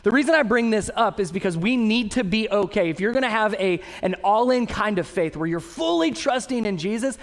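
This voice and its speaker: A middle-aged male pastor with a light, high-sitting voice delivers a sermon. He tells stories with animated, self-mocking humor, swinging between quiet reflection and excited bursts. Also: brisk, hardly any pauses.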